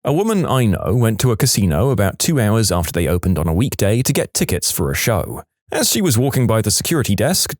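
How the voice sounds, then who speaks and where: A man's voice: mid-range voice, darkish tone, dry recording. A man narrating a series of short workplace stories in a scripted voice-over, adding his own dry asides between them.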